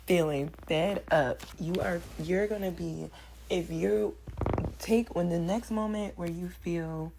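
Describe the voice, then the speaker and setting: A young woman, a spiritual card reader, gives a channeled tarot reading, passionately preaching repetitive affirmations and sighing between lines. Her fairly low, mellow voice has vocal fry, and the audio quality is poor.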